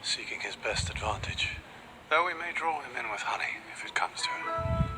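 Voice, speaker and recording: An actor playing a scheming royal councillor in a hushed, calculating voice, heard as a quiet, distant TV clip with music behind. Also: male voice, medium pitch, lively intonation, moderate pace, lightly acted.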